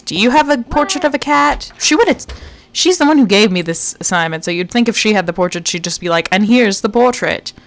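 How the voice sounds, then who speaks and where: Woman streamer, chatty and playful, mid-pitched, muses aloud while she plays. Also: a little fast. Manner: chatty, playful, talks to herself while searching; slips into mock-British phrasing for fun. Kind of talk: casual live-stream game commentary.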